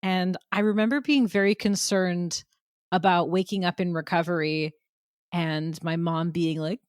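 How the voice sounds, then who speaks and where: A woman's voice: medium pitch, normal speed, no echo, clean studio sound. A woman, a returning guest on a podcast, chatting casually and bluntly, joking at her own expense and laughing often. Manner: jokey, laughs often, blunt and self-mocking.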